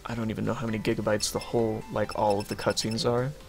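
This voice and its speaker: A man's voice: fairly low pitch, little pitch movement, fast talker. A young man co-hosting a game livestream, chatting casually, rambling with lots of fillers and the odd swear. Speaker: livestream co-host. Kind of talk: casual chat during a game stream. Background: game music.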